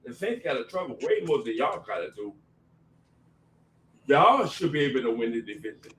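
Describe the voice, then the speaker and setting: A man's voice: medium pitch, sing-song, moderate pace, pauses often, a bit bright. A man arguing heatedly in a sports debate, cursing and repeating himself over the others. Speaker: debate panelist. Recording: echoey, distant room mic with faint noise.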